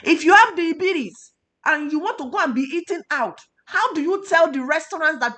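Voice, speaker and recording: A woman's voice: sits high, animated, normal speed, fairly bright tone. A Nigerian woman, a nutritionist hosting a health talk show, speaking with emotional emphasis. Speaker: nutritionist host.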